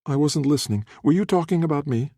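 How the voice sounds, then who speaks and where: A man reading an audiobook, voicing a timid, tender-hearted young woman in a soft, apologetic way. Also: on the high side, expressive, quick pace, no echo, clean studio sound, pitched above the performer's own voice. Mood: quiet. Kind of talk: audiobook character voice.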